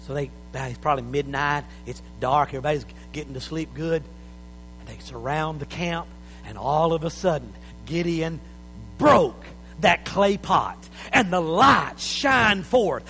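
A man preaching an impassioned sermon in a church, building to shouts. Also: a little high, measured pace, breathy edge, in a large hall, poor audio.

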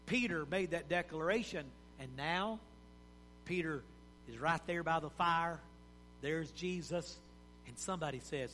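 A man preaching a sermon as pastor, folksy and animated, acting out the people in his story. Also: fairly high pitch, unhurried, big-room sound, a little hiss or hum, low-quality recording.

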